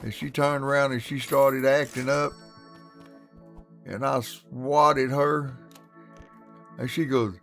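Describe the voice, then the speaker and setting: Gravelly man spinning folksy yarns. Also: mid-range voice, steady tone, slow, pauses often, a bit bright, faint music behind. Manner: folksy, laughs often, acts out his quotes. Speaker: streamer. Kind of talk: casual storytelling on a live stream.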